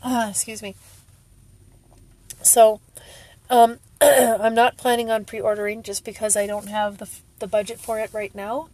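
A woman's voice: a little high, level tone, measured pace, pauses often, darkish tone, dry recording. A woman hosting a casual solo podcast, emotional, laughing and crying as she gushes. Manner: emotional, laughing and tearful, gushing. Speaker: podcast host.

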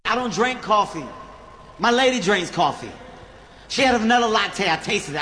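High, bright-voiced stand-up comic. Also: male voice, normal speed, slight background noise. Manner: punchy, deadpan narration that slips into acted voices. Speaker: stand-up comedian. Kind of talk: stand-up storytelling.

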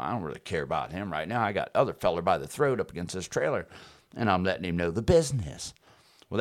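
A low-voiced man spinning rough-and-tumble yarns with a lot of swing in his pitch. He talks casually, curses freely and breaks into laughs mid-story, like a regular on a relaxed podcast. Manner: animated, rowdy, swears freely and laughs through his stories. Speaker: podcast host.

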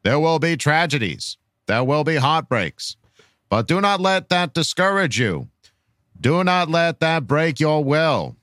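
A man's voice: on the high side, sing-song, a little slow, a bit bright, no room sound, clean studio sound. A man hosting a fan podcast, chatting casually and reading listener messages aloud with mock-grand delivery.

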